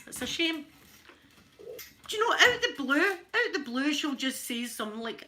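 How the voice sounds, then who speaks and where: Glaswegian woman, ASMR channel host, chatty storyteller, slightly high and bright voice, faint background hiss. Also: big pitch swings, moderate pace. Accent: Glaswegian Scottish. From Scotland. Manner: chatty storyteller, laughs often, mimics voices. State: throat a bit hoarse. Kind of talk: casual chat to viewers.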